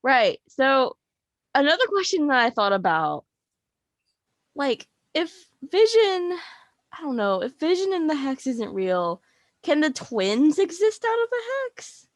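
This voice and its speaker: A woman co-hosts a relaxed review chat, her fairly high voice swooping up and down as she muses aloud. The sound is close and dry, with no room around it. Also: a little slow, dry recording. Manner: musing, thinking aloud with open questions. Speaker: co-host.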